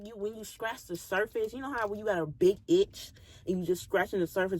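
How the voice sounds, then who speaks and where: A woman vlogger telling a casual storytime, slangy and profane, talking straight to her viewers and jumping between low mutters and high squeals. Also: no echo.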